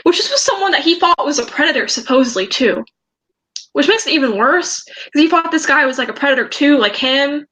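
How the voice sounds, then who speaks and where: A woman's voice: high-pitched, animated, fairly quick, fairly bright tone, low-quality recording. A teenage girl vlogger telling a story in a rambling, agitated way, with many restarts. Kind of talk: storytime vlog.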